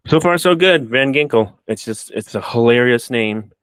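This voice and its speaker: A man's voice: medium pitch, expressive, normal speed, fairly bright tone, clean tone, no echo. A man co-hosting a casual sports podcast, loose and joking, talking with plenty of fillers. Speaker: podcast co-host.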